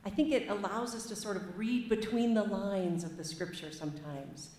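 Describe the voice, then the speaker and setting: A woman's voice: mid-range voice, moderate pace, a little mellow. A woman preacher giving a sermon in an earnest, conversational, slightly self-deprecating way. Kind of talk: sermon with a reading. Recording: echoey room.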